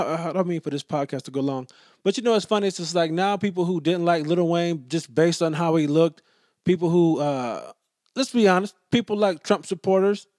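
A man's voice: high-pitched, dry recording. Profane joking man, dry close mic. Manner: profane, joking, animated storytelling. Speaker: podcast host. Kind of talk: casual solo podcast monologue.

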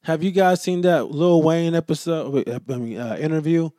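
A man's voice: fairly high pitch, moderate pace, dry recording, clean studio sound. A young adult man hosting a podcast, talking casually and joking with a lot of profanity. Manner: profane, joking, animated storytelling. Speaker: podcast host. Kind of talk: casual solo podcast monologue.

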